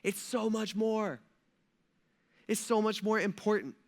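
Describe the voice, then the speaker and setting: A man's voice: high voice, measured pace, gravelly. A male pastor preaching a conversational sermon, retelling a story in casual, slangy words and speaking directly to his congregation.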